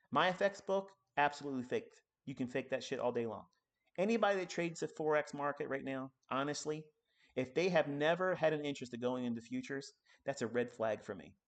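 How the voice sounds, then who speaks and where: On a live stream, a man teaches trading while ranting profanely and combatively, his voice swinging from loud outbursts to low muttering.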